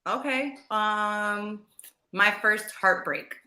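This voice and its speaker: A woman's voice: mid-range voice, drawn-out words, pushed and bright. A woman hosting a podcast, playfully reading out questions to her guest in casual chat. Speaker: podcast host. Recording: echoey room.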